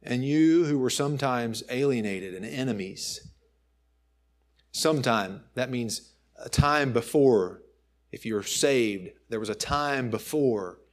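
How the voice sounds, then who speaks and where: A man preaching a sermon, emphatic, swinging between raised and hushed phrases and slowing to stress key words. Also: mid-range voice. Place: church.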